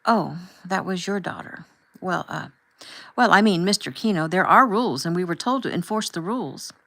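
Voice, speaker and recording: A woman's voice: on the low side, lively intonation, normal speed, a bit bright, dry recording. A woman voicing a prim, self-important woman chaperone who talks in a flustered, defensive way in an audiobook.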